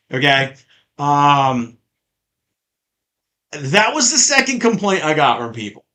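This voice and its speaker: A man's voice: on the high side, a bit bright. A man hosting a collectibles podcast, ranting in a sarcastic, exasperated way about online complaints. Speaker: podcast host. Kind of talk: casual ranting chat.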